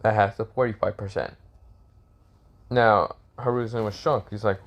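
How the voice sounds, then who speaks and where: A man improvises a fan-fiction story aloud, rambling and correcting himself as he goes. His voice sits fairly low and his telling is loose and full of fillers. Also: steady tone, moderate pace, long pauses, dull audio.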